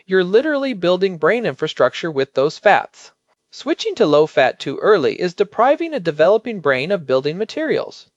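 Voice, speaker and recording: Man, expert podcast co-host, measured and emphatic, high animated voice. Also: no room sound, lo-fi sound. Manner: measured, explanatory, emphatic on key points. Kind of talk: explanatory podcast chat.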